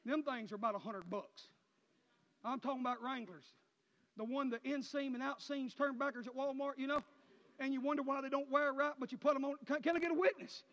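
High-voiced preacher, shouting and murmuring. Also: male voice, steady tone, brisk. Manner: impassioned preaching, swinging from shouts to low murmurs. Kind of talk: sermon. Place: church sanctuary. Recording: muffled sound with long hall reverb.

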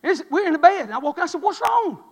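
High-voiced man preaching. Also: lively intonation, rapid-fire. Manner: impassioned, repetitive preaching cadence. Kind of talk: sermon. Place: church sanctuary. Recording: long hall reverb.

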